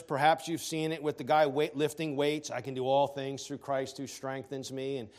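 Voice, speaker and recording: High-voiced animated male preacher. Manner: animated preaching, swings from loud emphasis to quiet asides; joking asides. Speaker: pastor. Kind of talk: sermon.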